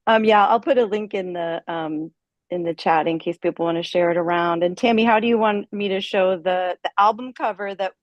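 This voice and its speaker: A woman with a lowish voice chats brightly on a video call, dry and close with no room sound. She talks casually and cheerfully, with a few fillers. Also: brisk, no room sound, dull audio. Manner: upbeat, chatty with fillers. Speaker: songwriter sharing her song.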